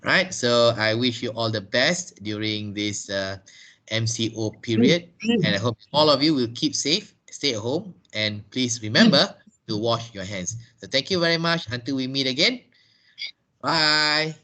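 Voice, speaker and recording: Male English teacher, bright, clear voice, patient explainer on a video call. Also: mid-range voice, animated, a little slow. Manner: patient, explanatory, frequent "yeah?" check-ins. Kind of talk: online English lesson.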